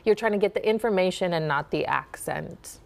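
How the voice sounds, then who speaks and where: A woman's voice: on the low side, moderate pace, creaky. A young woman from Minnesota, an accent coach, answering interview questions in a chatty way with lots of fillers and easy laughs.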